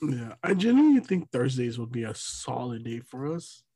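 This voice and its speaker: A man's voice: medium pitch, big pitch swings, moderate pace, dark tone, husky, dry recording. A man in his twenties co-hosting a podcast, laid-back and laughing often, swearing freely in casual chat. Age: 20s. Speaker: podcast co-host.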